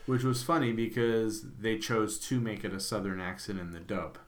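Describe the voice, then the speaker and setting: Low-voiced American man chatting casually. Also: moderate pace, a crowd in the background. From United States. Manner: relaxed, chatty, loose phrasing. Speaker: podcast co-host. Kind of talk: casual film discussion.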